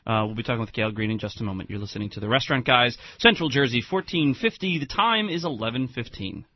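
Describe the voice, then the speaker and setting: A man's voice: medium pitch, quick pace, husky, no echo. A man hosting a restaurant talk radio show, telling amused stories in easy banter. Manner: chatty, amused storyteller. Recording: dry, slightly muffled studio mic.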